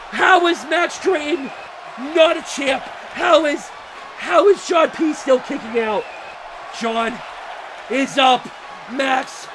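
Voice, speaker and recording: A young man calling a wrestling show play-by-play, frantic, shouting and disbelieving, over a loud crowd. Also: extremely high pitch. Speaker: wrestling commentator. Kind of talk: excited play-by-play commentary. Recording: loud crowd and noisy venue. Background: cheering crowd.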